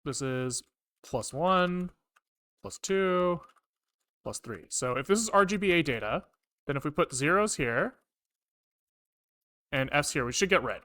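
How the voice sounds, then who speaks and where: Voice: medium pitch, expressive, unhurried, pauses often, a bit bright. A programmer on a live coding stream, thinking aloud while typing and often swearing in frustration at the code.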